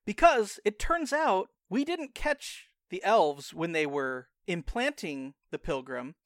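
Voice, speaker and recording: Male game master, animated and laughing, lively higher voice, dry sound. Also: slow pace, dry recording. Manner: animated, laughs often, thinks aloud with restarts. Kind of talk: narrating a tabletop game.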